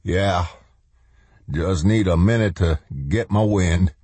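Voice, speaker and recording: A man's voice: low-pitched, takes it slowly, warm tone, husky, no room sound, heavily acted. A man voicing a worn-out young man digging his way upward, talking in a weary, effortful, plain way.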